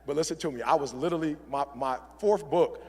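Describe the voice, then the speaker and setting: Gravelly preacherly man in a reverberant hall. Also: fast talker. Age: middle-aged. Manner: preacherly, builds from low intensity to shouting fervor. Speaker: motivational speaker. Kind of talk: motivational convention speech. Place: large convention hall.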